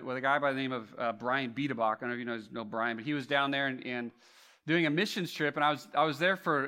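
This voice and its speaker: A male pastor preaching a sermon, telling a story with animated swings between loud emphasis and hushed tones, often restarting his words. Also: mid-range voice. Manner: frequent restarts and repeated words.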